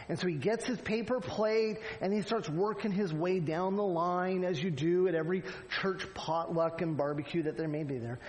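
A pastor preaches conversationally, tossing frequent "right?" asides to the congregation and acting out quoted lines. His high, darkish voice moves at a moderate pace with hardly any pauses, on poor audio with a long reverb tail.

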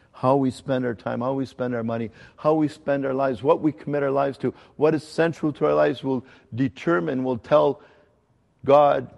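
A man pastor delivering a sermon in an earnest, conversational teaching manner, slowing to stress key points. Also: medium pitch, vocal fry, a little mellow, dull audio. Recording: long hall reverb.

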